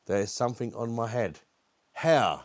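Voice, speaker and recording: A man with a British accent runs a casual live beer stream, sounding animated yet speaking a little slowly in a mid-range voice. He greets viewers by name, swears offhandedly, and keeps coughing. There's no room sound.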